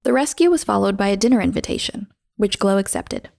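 Woman narrating a story in measured tones. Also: mid-range voice, lively intonation, creaky, darkish tone, no room sound, studio quality. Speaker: podcast host and narrator.

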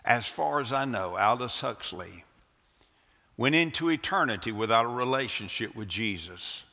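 A male pastor delivers an earnest sermon in a church sanctuary, his bright, forceful voice carrying through a long hall reverb. He often restarts his phrases, swinging up and down in pitch and volume as he presses each point. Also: expressive, moderate pace, gravelly.

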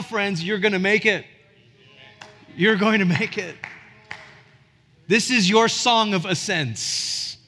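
A man in his forties preaches in a church sanctuary, his voice pitched high for a man. He speaks earnestly and builds to emphatic peaks. The sound carries a long hall reverb. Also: fairly bright tone. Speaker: pastor. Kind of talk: sermon.

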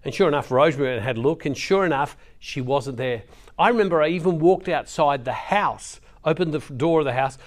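A middle-aged man preaching, reading scripture and telling a family story with slow, emphatic pauses. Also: on the high side, lively intonation. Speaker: Catholic preacher.

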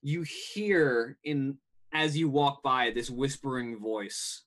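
A man running a tabletop game as game master, reading scene descriptions in a halting way with frequent ums and uhs. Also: medium pitch, fairly bright tone.

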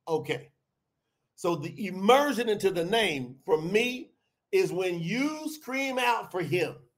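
A middle-aged man giving a livestreamed scripture talk as podcast host, preaching fervently and shouting out at the peaks. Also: sits high.

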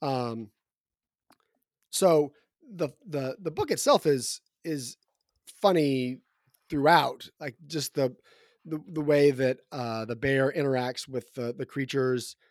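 A man's voice: medium pitch, slow pace, dry recording, studio quality. A man co-hosting a casual book discussion, talking in a thoughtful way with frequent restarts. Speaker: co-host.

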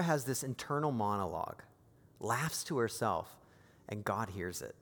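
A man's voice: medium pitch, measured pace. Dynamic male pastor in a reverberant hall. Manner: dynamic preaching, swinging from quiet to emphatic. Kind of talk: sermon.

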